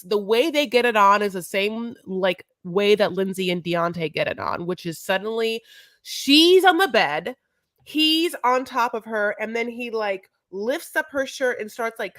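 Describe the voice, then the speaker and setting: Woman, podcast co-host, rambling casual recap, middle pitch, dry close sound. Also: fairly bright tone, dry recording. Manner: chatty, rambling, says "honey" a lot. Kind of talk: casual chat recapping a reality show.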